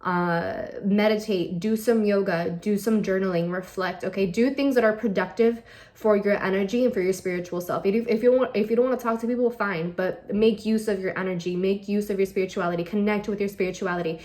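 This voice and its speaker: A woman reads tarot cards in a casual, unscripted way. She speaks straight to the listener and coaxes them along, often checking in with a quick "okay?". Her voice sits at a middle pitch. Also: fairly even intonation, a little mellow. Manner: direct, coaxing, tags lines with okay and all right. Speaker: tarot reader.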